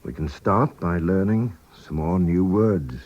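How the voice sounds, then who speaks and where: A man presenting a scripted radio language lesson. He speaks carefully and repeats each phrase slowly, then at normal speed. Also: low-pitched. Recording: dull 1980s radio recording.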